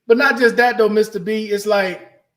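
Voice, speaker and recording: A man's voice: sits high, fairly even intonation, fairly bright tone. A man hosting a casual podcast, talking bluntly and saltily. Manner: blunt, salty, fast-talking. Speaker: podcast host.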